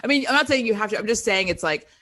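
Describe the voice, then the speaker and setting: A woman co-hosting a podcast, telling stories in a casual, animated way with plenty of swearing. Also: a little high, very fast. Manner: animated storyteller, acts out quotes, swears freely. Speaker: podcast co-host. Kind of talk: casual chat.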